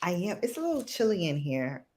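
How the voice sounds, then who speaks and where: A woman's voice: on the low side, sing-song, brisk, warm tone. A woman guest on a casual livestream chat, a chatty storyteller with many ums.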